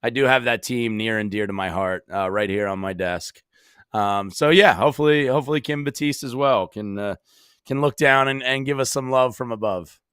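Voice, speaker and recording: A man's voice: medium pitch, normal speed, a bit bright, clean tone, no echo, clean studio sound. A man co-hosting a casual sports show, goofy and playful, hyping things up.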